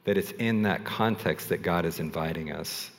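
A man preaching a sermon in a low voice, easygoing and conversational as he tells stories to his congregation. His words ring with the long reverb of a large church sanctuary. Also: normal speed. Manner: conversational, storytelling, self-deprecating asides. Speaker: pastor.

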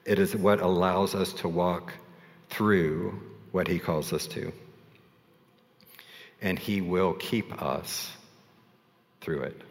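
A male pastor preaching in a relaxed, conversational way, telling stories with self-deprecating asides. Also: low-pitched, slow, long pauses, in a large hall. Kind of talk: sermon.

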